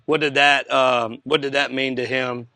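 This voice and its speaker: Male interview host; enthusiastic, laughs easily, bright tone. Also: mid-range voice, level tone, moderate pace, no room sound. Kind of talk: casual interview.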